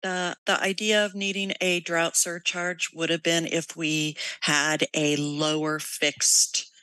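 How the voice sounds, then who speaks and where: Staff person explaining stuff at a meeting, bright tense voice, dry close sound. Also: medium pitch, level tone, slow, no room sound, rough recording. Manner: plain, explanatory, some restarts. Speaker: district staff answering questions. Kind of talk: public meeting answers.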